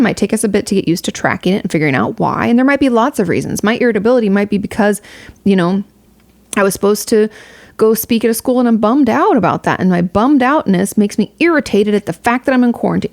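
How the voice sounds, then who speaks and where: This young female streamer answers a viewer's question with casual, frank advice, rambling through lots of fillers and restarts and cursing freely. Her voice is medium-pitched, creaky and slightly mellow, with no echo.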